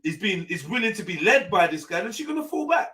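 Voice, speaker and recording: A man hosting a live open panel, blunt and animated, swearing freely and acting out what people say. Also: high-pitched, fast, far from the mic. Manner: blunt, animated, swears often, acts out quotes. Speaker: host of a live open panel talk show. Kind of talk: casual panel discussion.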